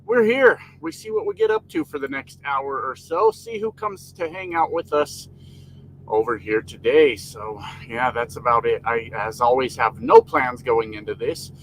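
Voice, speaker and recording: A man's voice: mid-range voice, sing-song, moderate pace, creaky, fairly bright tone, a little hiss or hum, low-quality recording. A man live-streaming from his truck cab, casually chatting and joking while greeting viewers by name. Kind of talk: casual live stream chat reading comments. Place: inside a parked truck cab.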